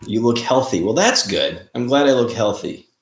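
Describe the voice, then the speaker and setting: A man hosting a casual live stream, chatting in a relaxed way and greeting viewers by name. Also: mid-range voice, normal speed. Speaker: livestream host. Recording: roomy, echoey room sound.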